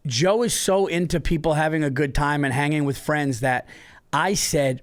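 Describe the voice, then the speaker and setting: A man hosting a comedy podcast, telling stories with lively acted-out quotes. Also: a little high, normal speed. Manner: animated storytelling, acts out quotes. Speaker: podcast host. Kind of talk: casual comedy podcast chat.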